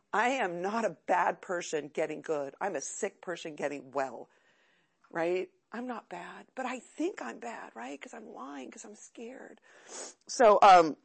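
Woman, 50s, from California. Gravelly, talkative, frank recovery testimony. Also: mid-range voice. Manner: chatty, frank, self-mocking. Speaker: speaker sharing at a recovery meeting. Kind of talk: candid personal testimony.

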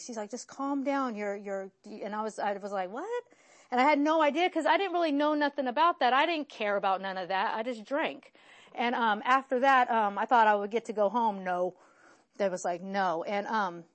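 A woman's voice: fairly high pitch, a bit bright. A woman in her thirties, from West Virginia, telling her own recovery story in a frank, rambling, self-deprecating way. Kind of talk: candid personal testimony.

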